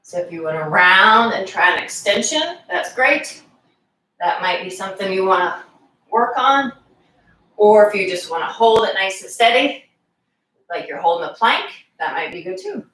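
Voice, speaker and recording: A woman fitness instructor leading a live exercise class, calmly giving cues and counting reps aloud. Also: mid-range voice, normal speed. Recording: echoey room, voice from far off.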